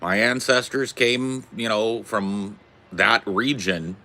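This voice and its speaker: A man's voice: lowish voice, slow pace, bright, forceful tone. A man in his forties who answers viewer questions in casual chat, in a laid-back, joking, rambling way. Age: 40s.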